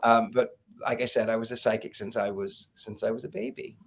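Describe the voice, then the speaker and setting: A man's voice: lowish voice, brisk, creaky. A middle-aged man, a psychic guest in an interview, telling stories with animation and acting out quoted lines, laughing often. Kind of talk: casual storytelling interview.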